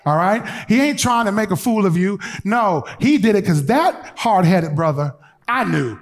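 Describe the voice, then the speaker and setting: A male bishop delivering a sermon in a voice that sits a little higher than most men's. He tells his stories with animated, colloquial asides to the congregation, then drops into quiet, hushed urging. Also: normal speed. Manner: shifts between loud lively telling and quiet, hushed urging.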